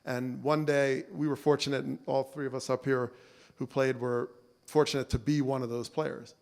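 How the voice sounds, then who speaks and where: A man in his forties giving a relaxed, storytelling keynote at a banquet, talking conversationally and often adding "you know" and "right?". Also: medium pitch, normal speed, creaky. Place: banquet hall. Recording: long reverb of a banquet hall.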